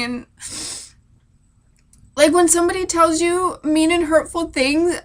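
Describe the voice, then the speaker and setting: A woman's voice: extremely high pitch, fairly even intonation, takes it slowly, pauses often. A young woman, a military spouse, talking through tears in an emotional personal vlog, rambling with many "like" fillers. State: crying. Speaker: vlogger. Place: hotel room.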